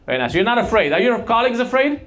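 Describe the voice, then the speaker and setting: A man's voice: very high voice, sing-song, rapid-fire, a bit bright. A man from Romania doing stand-up in a club. He is chatty and teasing with the crowd and laughs at his own jokes. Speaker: stand-up comedian. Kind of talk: live stand-up with crowd work. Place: comedy club in London. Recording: live club with audience noise.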